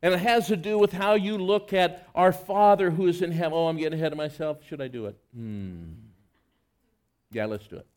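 Preaching a little fast, a man gives an earnest, conversational sermon. He moves back and forth between loud emphasis and quiet, low passages.

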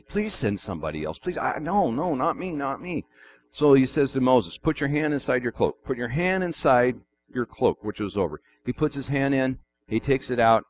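A man's voice: lowish voice, a little hiss or hum, rough recording. A man preaching a casual, conversational sermon, folksy and given to repeating his phrases.

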